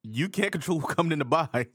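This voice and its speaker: A man's voice: fairly high pitch, expressive, fairly quick, fairly bright tone, breathy edge, no echo, clean studio sound. A man co-hosting a podcast, talking loosely and profanely in a joking casual chat. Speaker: podcast co-host.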